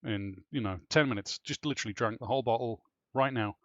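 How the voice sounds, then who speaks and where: A man's voice: mid-range voice, fast talker, no echo, lo-fi sound. Swearing Irish man telling stories. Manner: animated, swears freely, restarts often. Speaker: streamer chatting with clanmates. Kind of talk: casual storytelling chat.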